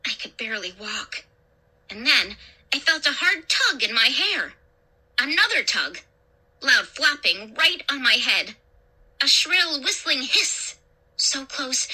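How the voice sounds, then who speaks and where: A woman storyteller reading a first-person horror story in a dramatic, expressive way. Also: high-pitched. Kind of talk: scripted horror story narration.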